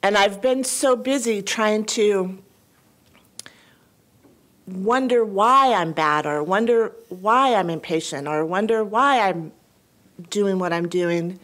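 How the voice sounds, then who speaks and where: Woman, caller, crying, halting, emotional, slow. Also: mid-range voice, a bit bright. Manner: halting, emotional, restarts often. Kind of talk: call-in conversation.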